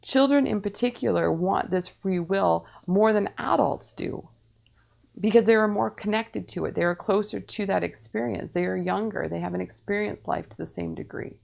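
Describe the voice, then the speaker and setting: A woman acts as a medium and gives channeled spiritual guidance. Her voice is thick with vocal fry, and her pitch sits in an ordinary middle range. She speaks in measured, repeating phrases and leaves calm pauses between them.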